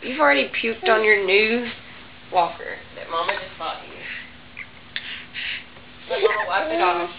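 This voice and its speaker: A woman's voice: medium pitch, lively intonation, measured pace, vocal fry, long pauses. A mother talking to her baby in coaxing, teasing baby talk on a home video. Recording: dull lo-fi home video with background noise.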